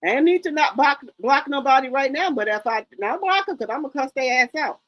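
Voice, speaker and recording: Woman in her 50s, aave, sassy and blunt, cusses a lot, kinda high voice, dry close sound. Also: expressive, brisk, no echo, dull audio. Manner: blunt, sassy, curses freely. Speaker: livestream host. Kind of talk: casual livestream chat.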